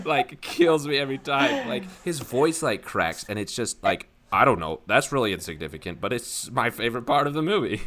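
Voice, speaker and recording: A man co-hosting a podcast in casual chat, excitable and laughing, jumping into a high voice when he quotes lines. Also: brisk, hardly any pauses. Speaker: podcast co-host.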